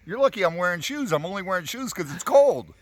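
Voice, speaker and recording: Male gator handler, raised pitch, very animated intonation, laid-back explainer, outdoors. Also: fast, dry recording. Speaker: alligator park handler. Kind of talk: casual explanatory chat. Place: outdoors at an alligator park.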